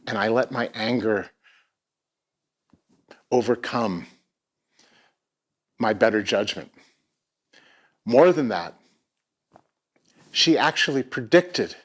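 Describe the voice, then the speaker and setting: A middle-aged man speaking on stage at a live arts event, telling a personal story in a reflective, halting way, often repeating words as he searches for them. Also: mid-range voice. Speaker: festival speaker.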